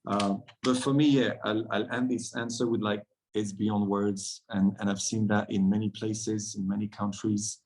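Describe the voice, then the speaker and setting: A man's voice: fairly low pitch, level tone, normal speed, hardly any pauses, a little mellow, a little hiss or hum, poor audio. A man from France, a guest on a podcast, telling stories in an earnest, reflective way and often laughing between thoughts. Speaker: guest, men's circle facilitator.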